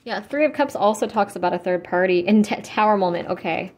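A young woman giving a casual tarot reading, chatty and full of fillers, blunt and quick to swear. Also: mid-range voice, animated, darkish tone. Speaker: tarot reader.

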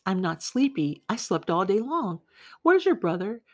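A woman reading the part of an uneasy young man who answers quietly in an audiobook. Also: medium pitch, very animated, moderate pace, no room sound, studio quality. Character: young man, uneasy guest in a strange town.

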